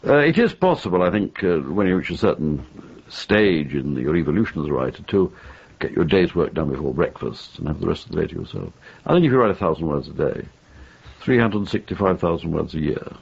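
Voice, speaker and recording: A very low, gravelly older English man answers interview questions with wry, firm opinions, stopping and restarting often. His voice is husky, and the archival tape sounds dull and lo-fi. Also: lively intonation, brisk, darkish tone. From England. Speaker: interview guest, novelist. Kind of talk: conversational interview.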